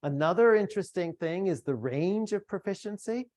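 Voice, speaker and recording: A man's voice: high-pitched, lively intonation, normal speed, darkish tone, dry recording. Man giving a chatty lecture. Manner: conversational, chatty asides to the audience. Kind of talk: academic lecture. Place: lecture room.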